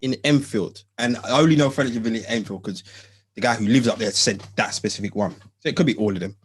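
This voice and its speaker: A man, a barber chatting casually on a podcast in a relaxed, laughing way. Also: mid-range voice, fast talker, slightly rough. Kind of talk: casual chat.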